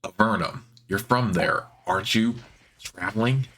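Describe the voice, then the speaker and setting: A man voicing a sly male informant who feigns drunkenness in a role-playing game, speaking low and hushed. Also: measured pace, a little hiss or hum.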